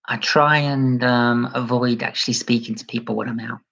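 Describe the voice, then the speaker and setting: A man chatting casually on a livestream and reading out viewer comments. He talks in a self-deprecating way and gently lifts his voice toward a feminine tone. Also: medium pitch, steady tone, normal speed, vocal fry, muffled recording. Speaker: livestream host.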